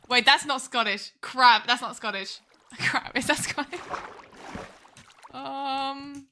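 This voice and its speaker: A woman's voice: high-pitched, slow, pauses often, sharp tone, slight background noise. A woman giving casual gameplay commentary as a streamer, chatty and self-mocking as she talks to her viewers. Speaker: game streamer.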